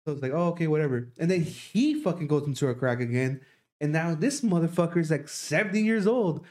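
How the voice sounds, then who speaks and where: A man's voice: fairly high pitch, animated, fairly quick, a little mellow. A young man in casual podcast talk, rambling through a long story with lots of swearing. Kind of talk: casual chat.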